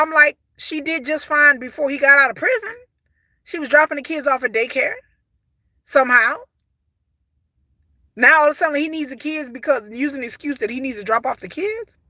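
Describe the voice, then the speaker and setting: Woman w aave, high bright voice, blunt n exasperated, dry close sound. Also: dry recording. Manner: blunt, exasperated, swears freely. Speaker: reality TV reviewer. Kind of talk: casual commentary.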